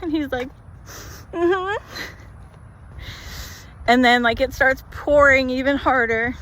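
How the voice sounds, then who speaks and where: A woman vlogging while walking, telling a story in a chatty, animated way full of "like". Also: sits high, moderate pace, a little hiss or hum. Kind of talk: walk-and-talk storytelling.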